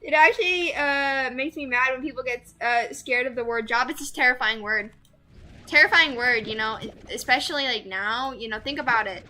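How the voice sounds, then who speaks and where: A young woman streaming a game, chatting casually with her viewers and gushing loudly over cute things. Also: high-pitched, normal speed. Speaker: VTuber streamer. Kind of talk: casual gameplay chat with viewers.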